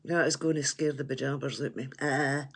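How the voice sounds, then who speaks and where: A woman's voice: rumbling low, steady tone, fairly quick, slightly rough. An older woman with a Scottish accent chatting casually to livestream viewers, chatty and self-mocking with frequent laughs, and a runny nose. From Scotland. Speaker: livestream host.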